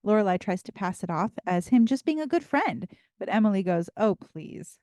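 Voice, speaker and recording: A woman co-hosting a podcast, recapping episodes in casual chat with frequent laughs and animated storytelling. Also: medium pitch, brisk, no room sound, studio quality. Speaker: podcast co-host.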